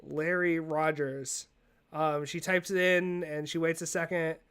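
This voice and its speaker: A man runs a tabletop game, narrating scenes in a relaxed way with many fillers. His voice sits high and sounds smooth and clean. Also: measured pace. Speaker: game master.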